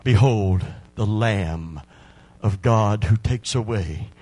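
A man preaching a sermon, telling a story slowly and building to loud, fervent shouts of praise. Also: fairly low pitch, husky. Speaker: pastor.

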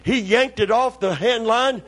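A man, a preacher telling a folksy, animated story during a sermon. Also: extremely high pitch, unhurried. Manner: folksy, animated, acts out voices.

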